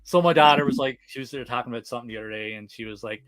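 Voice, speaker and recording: A man in his thirties with a Newfoundland accent, hosting a casual livestream chat, talking fast with lots of slang and laughing often. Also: medium pitch, fairly bright tone. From Newfoundland, Canada. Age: 30s. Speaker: livestream host.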